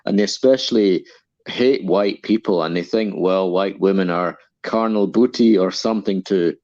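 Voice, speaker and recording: A man talking in a steady, deliberate, opinionated way in a casual chat, as a co-host. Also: deep voice, muffled recording.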